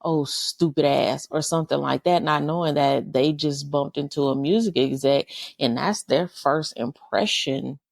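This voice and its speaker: Low-voiced opinionated woman podcast host. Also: normal speed, creaky, hardly any pauses, dry recording, studio quality. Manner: candid, opinionated, full of rhetorical questions. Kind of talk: casual monologue.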